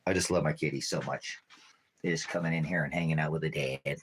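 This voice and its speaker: A man's voice: extremely low pitch, steady tone, quick pace, a bit bright, a little hiss or hum. A man in a casual outdoor vlog, rambling as he walks through his garden and talks baby-talk to his cats. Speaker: ministry vlogger.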